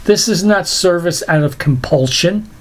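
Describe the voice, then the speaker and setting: A man's voice: sits high, animated, normal speed. An older man preaching a sermon, telling stories with laughs and emphatic repeats. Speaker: pastor.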